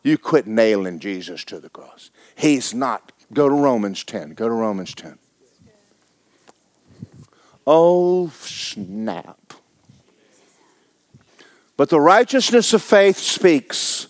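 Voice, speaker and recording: A man preaching a sermon to his congregation. He reads and acts out scripture, fires questions at the crowd, and swings between low asides and loud exclamations. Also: very animated, takes it slowly, long pauses. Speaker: pastor.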